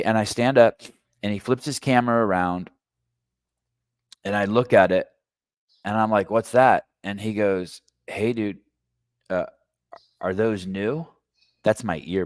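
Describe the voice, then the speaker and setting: A man's voice: sits low, no echo, studio quality. A middle-aged man hosting a podcast, telling a rambling story in casual chat and swearing freely. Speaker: podcast host.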